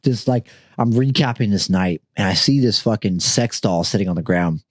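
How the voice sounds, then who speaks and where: A young man hosting a podcast, telling a party story casually, swearing constantly, laughing through it and jumping to a high voice to quote people. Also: normal speed, no room sound, clean studio sound. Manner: profane, laughing, animated storytelling; jumps to a high voice when quoting others. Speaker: podcast host.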